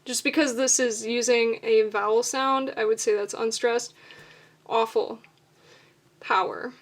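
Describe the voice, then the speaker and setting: Woman explaining poetry rules, slightly high. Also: fairly even intonation, moderate pace. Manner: methodical, explains step by step with fillers. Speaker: poetry writing teacher. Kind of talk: instructional video explanation.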